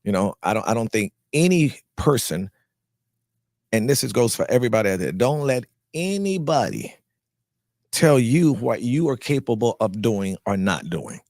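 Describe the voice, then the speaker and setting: Speaking at a moderate pace with a medium-pitched voice, a man from North Carolina tells an interviewer about his life as an actor. He animatedly impersonates those he quotes and frequently restarts, repeating words, in a clean, echo-free studio recording.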